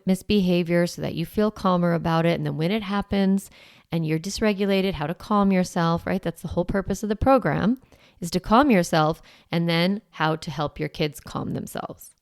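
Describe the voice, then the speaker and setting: A woman in her forties hosts a parenting podcast in a chatty, coaching tone. Her voice carries a gravelly fry at the ends of phrases. The sound is close and dry, with no room around it. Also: lowish voice, darkish tone, dry recording. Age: 40s. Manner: conversational and reassuring, often asking "right?". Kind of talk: solo podcast teaching.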